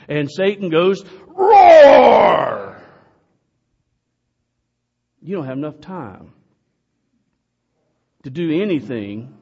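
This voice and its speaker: Slow-preaching man in a reverberant church. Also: fairly high pitch, breathy edge. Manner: slow, earnest preaching with sudden loud calls. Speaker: pastor. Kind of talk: sermon. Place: church sanctuary. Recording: dull, distant sound in a reverberant hall.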